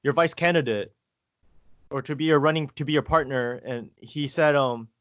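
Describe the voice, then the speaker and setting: A man from Taiwan talks as a podcast guest in casual conversation. His voice sits a little high, and the sound is dry and close with no room echo. He tells his stories haltingly, full of fillers and restarts. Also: fairly bright tone. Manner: hesitant, halting, filler-heavy storytelling.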